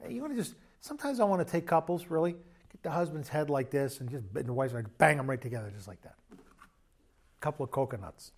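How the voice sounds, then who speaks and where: A man's voice: on the high side, expressive, fast. Joking conversational male pastor. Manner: conversational, joking, emphatic preaching. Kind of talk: sermon. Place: church.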